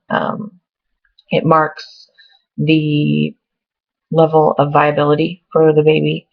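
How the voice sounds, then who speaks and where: A young vlogger from Oregon gives a chatty pregnancy update, emotional and close to tears. Her voice is low-pitched and gravelly with a breathy edge. The audio is dull lo-fi sound from a home webcam.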